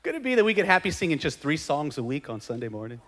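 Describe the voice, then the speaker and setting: A male pastor preaching a sermon, animated, rising to shouts at the peaks. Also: fairly high pitch, fast. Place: church sanctuary. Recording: reverberant church hall.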